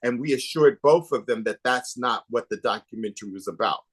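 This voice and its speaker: A man being interviewed on a podcast, telling behind-the-scenes stories in an animated, gossipy way, swinging between emphatic bursts and hushed asides. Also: medium pitch, a little fast, slightly rough. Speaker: podcast guest, author and documentary maker. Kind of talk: casual interview chat.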